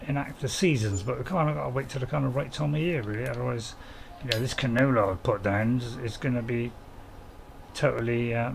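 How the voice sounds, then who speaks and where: A man's voice: mid-range voice, gravelly, a little hiss or hum. A man, casually commenting on a farming game while streaming and chatting to viewers in a rambling, self-mocking way.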